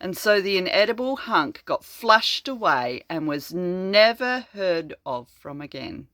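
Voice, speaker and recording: Slow, lively grandma reading aloud. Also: female voice, on the low side, no echo. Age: older. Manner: slow and expressive, chatting to children between lines. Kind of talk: read-aloud storytelling to children.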